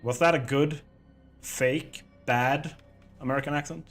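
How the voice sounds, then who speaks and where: A man's voice: mid-range voice, steady tone, unhurried, faint music behind. A man streaming a horror game, giving casual commentary with jokey, exclamatory asides.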